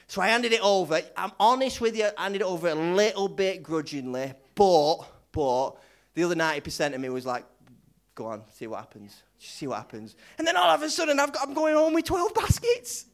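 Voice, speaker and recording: A man's voice: high voice, sing-song, a little fast. A man voicing a young boy who chattily tells, in the first person, how he gave away his lunch. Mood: excited. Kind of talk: sermon storytelling in character.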